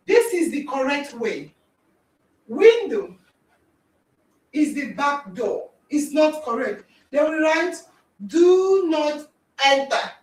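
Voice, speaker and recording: Nigerian woman podcast host, slow dramatic talk, mic kinda far off in an echoey room. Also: high-pitched. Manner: dramatic, acts out scenes, exclaims and yells. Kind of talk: animated motivational talk.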